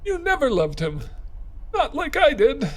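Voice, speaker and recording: A man voicing a tearful young woman who hurls bitter accusations in a shrill voice. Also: huge pitch swings, measured pace, exaggerated voice. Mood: grief-stricken anger.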